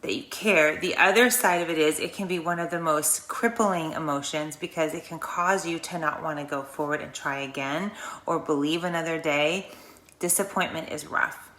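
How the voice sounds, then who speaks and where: A woman's voice: sits low, moderate pace, fairly bright tone, reverberant. A woman hosting a wellness channel, guiding an emotional release exercise in a chatty, rambling, earnest way. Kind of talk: guided emotional release talk.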